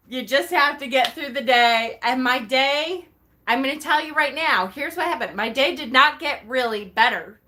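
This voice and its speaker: Bright high-voiced woman telling a story. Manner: animated, laughs often, acts out her own reactions. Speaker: vlogger. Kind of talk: casual storytelling vlog.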